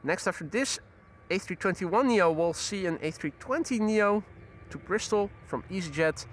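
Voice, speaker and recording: A man's voice: sits high, animated, moderate pace, slight background noise. A man hosting a live plane-spotting stream outdoors, chatting casually with viewers and using frequent fillers. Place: outdoors near airport runway.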